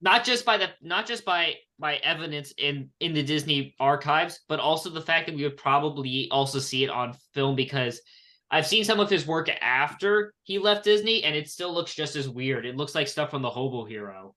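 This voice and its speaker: A man who is a guest on an animation podcast, speaking eagerly with many restarts and repeated words. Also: moderate pace. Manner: eager, stumbling restarts, rises in pitch when excited. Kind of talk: casual chat.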